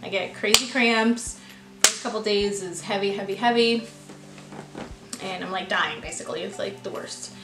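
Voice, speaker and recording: A woman's voice: mid-range voice, moderate pace, echoey room, music in the background, poor audio. A young woman vlogger telling a personal story in a casual, chatty way, full of fillers, often quoting herself. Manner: chatty, filler-heavy, quotes herself with "I'm like".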